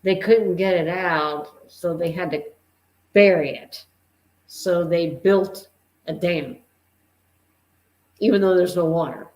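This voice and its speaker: Slow, musing podcast co-host in a roomy space. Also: medium pitch, darkish tone. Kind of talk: casual podcast chat. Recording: roomy echo.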